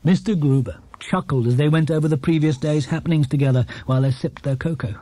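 A man narrating a children's storybook in a lively, expressive way. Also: a little high, fast, no echo. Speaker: audiobook narrator.

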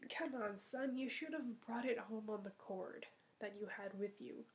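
A woman's voice: fairly high pitch, measured pace, natural voice. Exasperated storybook mother, scolding and fussing, done by a woman narrator. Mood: reproachful.

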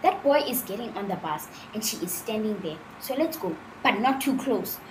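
A woman voicing an excitable, curious dog friend with a playful manner. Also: medium pitch, moderate pace, close to an everyday voice. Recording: roomy sound with faint noise.

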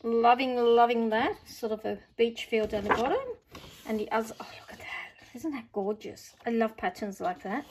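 A woman's voice: a little high, moderate pace, background noise. A middle-aged woman with an Australian accent, chatting casually as she unboxes craft supplies, gushing with delighted exclamations. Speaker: craft vlogger.

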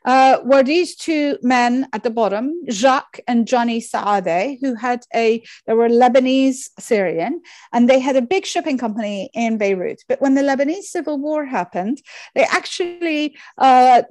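Woman lecturer, slightly high voice, dry close recording, halting and careful. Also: a little mellow, no echo. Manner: measured, many fillers and restarts. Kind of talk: academic lecture with slides.

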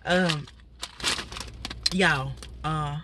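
A woman's voice: low-pitched, steady tone, extremely slow, noisy background. A woman vlogger chatting casually to her viewers from inside a parked car. Her voice is slightly stuffy from a cold, and she talks straight to the audience with lots of asides. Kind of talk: casual talking mukbang chat.

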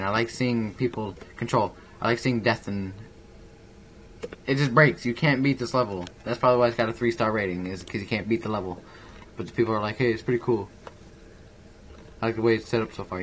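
A young man with a fairly low voice talks through a video game in casual, rambling commentary. He mocks himself and breaks into excitable bursts. A faint hiss sits under the recording. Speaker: gaming YouTuber.

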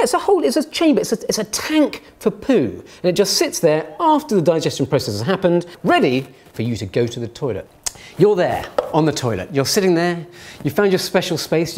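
A man's voice: on the high side, a little mellow. A man presenting a playful science demonstration, jokey and theatrical, gleefully narrating what he does.

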